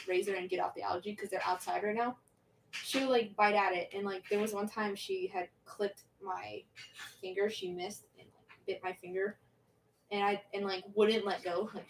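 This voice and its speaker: A woman's voice: medium pitch, recorded from a distance, slight background noise, low-quality recording. A young woman hosting a livestream, chatting casually and answering viewer questions, rambling and restarting her sentences with little laughs. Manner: rambling, self-interrupting, giggly. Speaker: livestream host.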